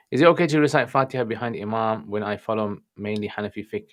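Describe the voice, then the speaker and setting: A man's voice: medium pitch, fairly even intonation, fast, hardly any pauses. A man with a Birmingham accent hosting a casual livestream Q&A, reading out viewer questions and greeting people by name. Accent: Birmingham English. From England. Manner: chatty, greets viewers warmly by name, mixes in Arabic phrases. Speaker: livestream Q&A host answering religious questions.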